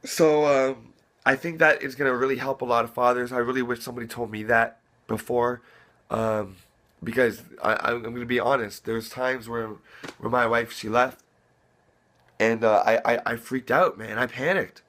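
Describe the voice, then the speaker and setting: A man's voice: medium pitch, little pitch movement, normal speed, a bit bright. A young man giving earnest fatherly advice in casual talk to camera, repeating himself and restarting often. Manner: earnest, repetitive, many restarts.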